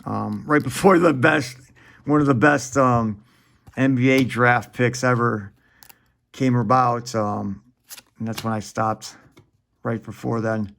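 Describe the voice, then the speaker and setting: A man's voice: medium pitch, fairly even intonation, slow pace, vocal fry, pauses often, fairly bright tone. A man in his forties chatting casually while opening trading card packs, rambling and profane, chuckling often.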